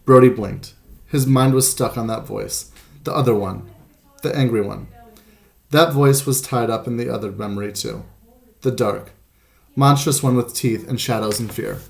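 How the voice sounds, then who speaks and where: A man narrates a storybook in a measured, gentle way. His voice sits at an ordinary pitch and has a gravelly texture. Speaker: audiobook narrator. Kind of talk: scripted narration.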